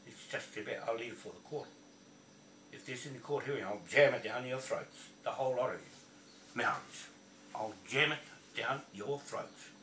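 This vlogger's angry to-camera rant is full of swearing and confrontational repetition. His mid-range voice is bright and forceful, and the recording sounds distant and echoey, with a little noise.

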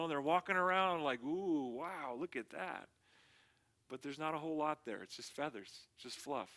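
A man's voice: mid-range voice, fairly bright tone. A male pastor giving a casual, conversational sermon with slangy asides.

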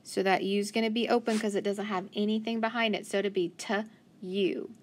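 A woman's voice: medium pitch, fairly even intonation, slight background noise. A woman teaching a children's phonics lesson, patiently sounding out syllables and praising answers. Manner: slow, patient, sounding words out. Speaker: reading teacher.

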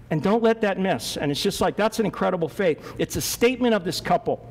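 A male pastor preaching a sermon, lively, acting out the voices of Bible figures as he goes. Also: high voice, fairly quick, hardly any pauses, in a large hall.

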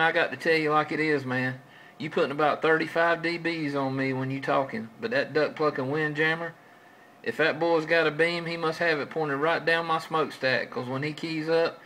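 A man's voice: fairly high pitch, steady tone, normal speed, pushed and bright, a little hiss or hum, poor audio. A man trading folksy CB radio chatter with other operators, drawing out his calls and repeating his stock phrases.

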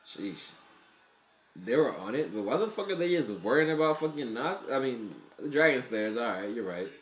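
A man giving casual, profane reaction commentary while he watches an anime, excitable and thinking out loud. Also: mid-range voice, normal speed, roomy sound.

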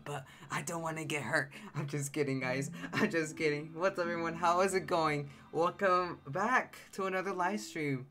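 A young man chatting casually and playfully as the host of a game livestream, quick to exclaim and joke. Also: fairly high pitch, sharp tone. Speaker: game streamer.

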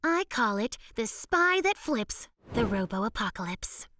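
A woman voicing an eager young cartoon pet who makes movies, talking in an animated way with sighs and gasps. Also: on the high side, measured pace, no room sound, clean studio sound. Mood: excited. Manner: animated, sighing and gasping. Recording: music playing underneath.

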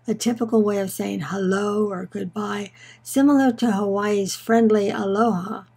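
Warm, husky-voiced woman teaching scripture. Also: mid-range voice, poor audio. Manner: measured, slows on key words for emphasis. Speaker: Bible teacher.

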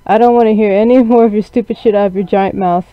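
Hostile spider girl, high and cursing, dull lo-fi sound, voiced by a man. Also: steady tone, quick pace, smooth, no room sound, lightly acted. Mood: contemptuous. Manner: snarling, insulting.

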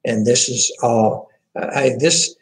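A man, a pastor talking informally through the church's prayer requests in a halting, folksy way with many fillers and restarts. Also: medium pitch, rough recording.

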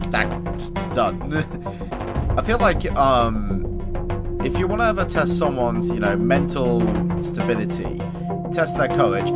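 A man commenting on a video game as he plays, sarcastic and laughing often, with loud game music behind him. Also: mid-range voice. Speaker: let's play gamer. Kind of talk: gameplay commentary.

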